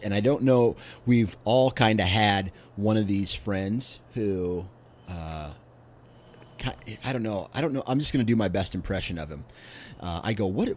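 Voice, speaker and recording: Laid-back low-voiced man in his late thirties. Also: slight background noise. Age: late 30s. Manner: laid-back, laughs often, drawn-out storytelling. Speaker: podcast co-host. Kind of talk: casual chat.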